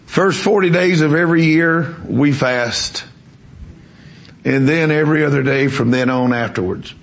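A man's voice: on the high side, unhurried, creaky. A man preaching a sermon, telling a story with emphasis and quizzing the congregation. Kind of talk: sermon with testimony.

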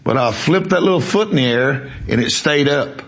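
A man's voice: a little high, animated, normal speed, a bit bright. A man preaching a sermon, telling a story with emphasis and quizzing the congregation. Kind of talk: sermon with testimony.

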